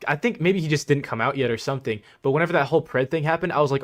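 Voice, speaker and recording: A man's voice: a little high, very fast. A young man hosting a livestream, talking casually in a mocking, laughing, slangy way. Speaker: livestream host.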